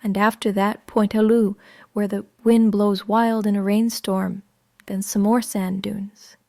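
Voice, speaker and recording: A woman narrates a first-person story in a hushed, unhurried way, and it often sinks to a whisper. Her voice is gravelly and close, with a dry sound and no room echo. The telling is very slow. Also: mid-range voice, flat delivery.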